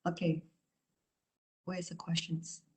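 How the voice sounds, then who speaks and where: Calm lower-voiced woman coaching with echo. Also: slow pace. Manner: calm, repetitive coaching with frequent "you know" and "right?". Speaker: therapist giving a talk. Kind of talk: online talk with Q and A.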